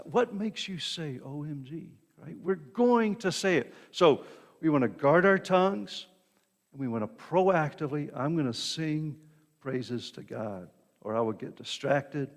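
A man delivers a sermon in an easy, conversational style. His voice sits a little high for a man and he keeps asking "right?" of his listeners. The sound carries the long reverb of a large hall. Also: animated, unhurried. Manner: conversational preaching, frequent "right?" asides and repeated words. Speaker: pastor.

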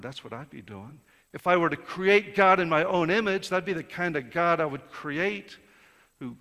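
Conversational preacher in a reverberant hall. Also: male voice, a little high. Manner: conversational preaching, rising to emphatic peaks then dropping soft. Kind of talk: sermon.

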